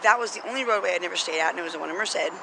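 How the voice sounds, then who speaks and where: A woman's voice: fairly low pitch, rapid-fire, gravelly, noisy background. An American woman vlogger telling a story in a chatty, indignant rant, full of fillers. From United States.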